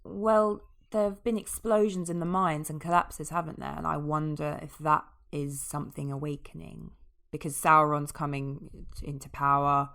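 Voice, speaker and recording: A deep-voiced woman co-hosts a casual podcast chat. She rambles with enthusiasm, drops half-finished sentences and circles back to her point. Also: level tone, moderate pace, gravelly, hardly any pauses, fairly bright tone. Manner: chatty, enthusiastic, trailing off mid-sentence. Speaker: podcast co-host.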